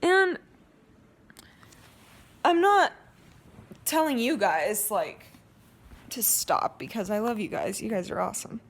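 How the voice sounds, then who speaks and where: A woman's voice: mid-range voice, animated, moderate pace, gravelly, husky. A young woman vlogging an emotional rant to her viewers, rambling with many restarts and growing insistent.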